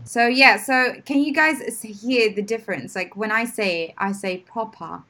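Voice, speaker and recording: A woman's voice: on the high side, moderate pace, bright, forceful tone. A woman with a British accent, an English teacher quizzing a colleague on slang and spelling words out. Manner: patient, spells words letter by letter. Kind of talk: live-stream lesson chat.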